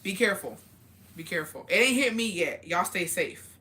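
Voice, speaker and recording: Woman live-streaming, bright forceful voice, blunt and cussing, chatty comment-reading host. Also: lowish voice, lively intonation, a little fast. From Mexican heritage. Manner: blunt, profane, chatty, reads comments aloud. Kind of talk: casual live-stream chat.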